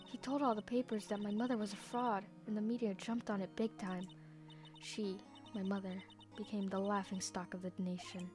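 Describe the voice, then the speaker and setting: A woman voicing a grieving young woman who speaks softly and earnestly. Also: medium pitch, little pitch movement, normal speed, music in the background, lightly acted. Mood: sad.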